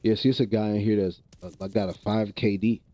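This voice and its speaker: Laid-back low-voiced male streamer. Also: fairly even intonation, a little fast, dark tone, no echo. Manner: loose slang-heavy banter, laughs often. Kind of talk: casual live-stream chat.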